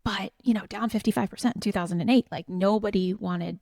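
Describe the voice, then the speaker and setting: A woman in her forties talks on a podcast in an earnest, passionate way. Her mid-pitched voice has a gravelly fry to it. The recording is dry and close. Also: brisk, few pauses, a little mellow, no room sound. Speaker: podcast co-host. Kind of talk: reflective conversational podcast talk.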